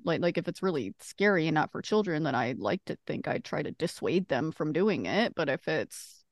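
Hesitant woman with a lively voice. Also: low-pitched, normal speed, no echo, clean studio sound. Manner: hesitant, repeats words. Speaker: player.

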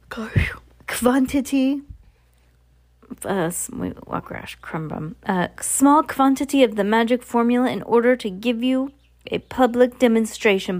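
A woman reading aloud puts on an imperious storybook witch who rolls her R's. She speaks higher than her usual voice and drags each word out slowly and grandly. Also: close to an everyday voice. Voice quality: rolled R's. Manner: slow, grandly drawn-out speech. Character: imperious cruel female Grand High Witch.

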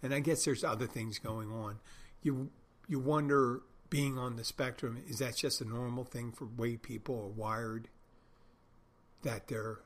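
A middle-aged man spins loose, wandering stories in a husky voice, stopping to correct himself often. His pitch sits in an ordinary middle range, and his tone stays wry and casual throughout. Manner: rambling, self-correcting, wry. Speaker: podcast host, bartender. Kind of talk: casual monologue storytelling.

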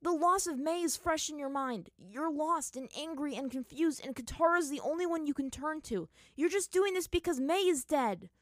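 A woman's voice: high voice, lively intonation, normal speed, hardly any pauses, no room sound, clean studio sound, pitched above the performer's own voice. A woman doing a snarling jealous boy. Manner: snarling, heated. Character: jealous young boy hero, snarling and possessive. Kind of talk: fan fiction read aloud.

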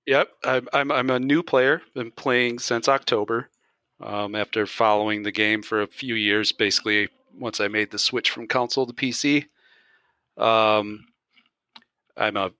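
A man's voice: lowish voice, creaky, sharp tone, no echo. A man joining a gaming podcast as a guest, speaking modestly with fillers and restarts. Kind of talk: casual podcast chat.

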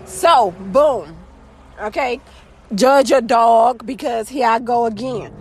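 A woman telling a story about her family to viewers in a chatty, dramatic way, jumping between loud exclaims and low asides and calling out to the audience. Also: slow, slightly rough. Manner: chatty, addresses the audience directly with "girl" and "y'all". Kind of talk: casual storytelling to camera.

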